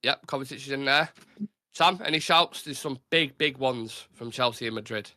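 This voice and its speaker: Male quiz host, forceful and bright, quick bantering delivery. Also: medium pitch, dry recording, clean studio sound. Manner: quick banter, reads out answers. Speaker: podcast host running a football quiz. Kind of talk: casual chat.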